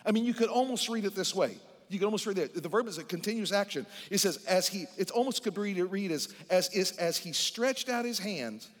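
A high-voiced man preaches a sermon with fervor, his volume swinging from hushed asides to loud appeals. He speaks straight to the people in front of him, like a pastor leading his own church. His voice rings out with a long reverb that fills the sanctuary. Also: animated, a little fast, hardly any pauses. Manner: addresses the congregation directly.

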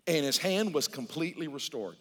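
High-voiced fervent male preacher. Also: expressive, brisk, husky. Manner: fervent preaching, swinging between hushed and loud; addresses the congregation directly. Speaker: pastor. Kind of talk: sermon. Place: church sanctuary. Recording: long church-hall reverb.

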